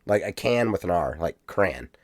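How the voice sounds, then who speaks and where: Lively Ohio-accented man, podcast co-host, casual chatter, dry room. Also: on the low side, normal speed, dry recording. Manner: chatty, reads listener comments aloud, laughs easily.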